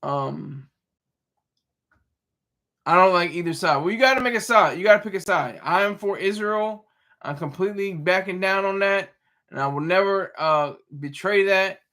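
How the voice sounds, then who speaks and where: Off the cuff and rambling, a male stream host responds to his chat in a high, bright voice. His casual commentary is halting, marked by repeated restarts, words he circles back to, and corrections in mid-sentence.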